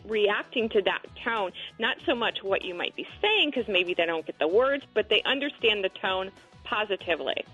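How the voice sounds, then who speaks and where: A woman's voice: on the high side, a bit bright, muffled recording. A woman guest on a radio interview, talking casually with lots of "like" fillers while giving confident pet advice. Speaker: guest author, pet sitter.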